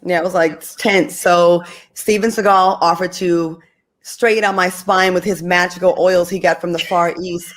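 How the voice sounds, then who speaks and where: A woman guest telling a story in casual chat, animated and acting out quotes. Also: lowish voice, moderate pace.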